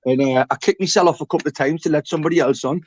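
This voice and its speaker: A man's voice: on the high side, very fast, a little mellow, no room sound, muffled recording. Sweary, matey man on a dry line. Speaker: panel guest. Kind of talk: casual chat.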